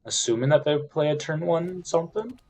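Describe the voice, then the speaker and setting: A man offers casual, frustrated commentary on a card game match, swinging from loud complaints to quietly muttered counting. His voice sits on the high side and moves fairly quickly, with slight background noise.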